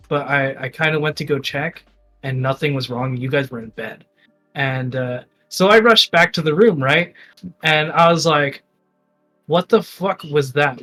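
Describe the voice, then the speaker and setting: A man's voice: medium pitch, sharp tone. A young man co-hosting a podcast, telling his story in hesitant, filler-heavy casual chat with casual swearing. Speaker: podcast co-host.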